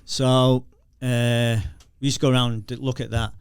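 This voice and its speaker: A man's voice: mid-range voice, little pitch movement, moderate pace, clean tone, no room sound. A middle-aged man from England with a Northern English accent, telling anecdotes in a casual podcast interview, laughing and restarting as he goes. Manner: chatty, laughs through anecdotes, lots of restarts. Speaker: guest, former explosive detection dog handler.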